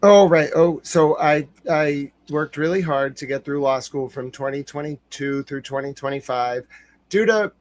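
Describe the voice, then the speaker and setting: A man's voice: a little high, normal speed, no echo, poor audio. A young adult man, a guest who livestreams the news, telling long earnest stories in casual chat. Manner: earnest, rambling storyteller.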